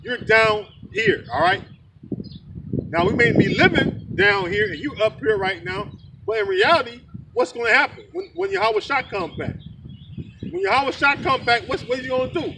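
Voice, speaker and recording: A man's voice: extremely high pitch, sing-song, normal speed, vocal fry. A man preaching heatedly outdoors, fiery and profane, tagging sentences with "man". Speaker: street preacher. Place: outdoors in the rain. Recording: distant mic with outdoor noise.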